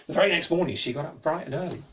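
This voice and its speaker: Male storyteller, playful and animated, slightly raised pitch, distant mic. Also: racing. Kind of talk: oral folk-tale storytelling.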